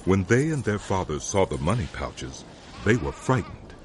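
A male narrator with a very deep voice that moves expressively through its pitch. He tells the story in a measured, scripted way, with faint ambient sound beneath him. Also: very animated, slight background noise.

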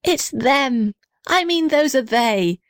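A woman voicing a cheerful young male cottage who talks in excited exclamations. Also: fairly low pitch, slow pace, no room sound, studio quality.

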